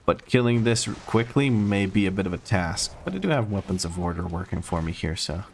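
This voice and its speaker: Male streamer, American accent, slightly low-pitched, easygoing running commentary over gameplay. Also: lively intonation, fairly quick, a little hiss or hum. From Croatia. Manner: easygoing, explains as he plays.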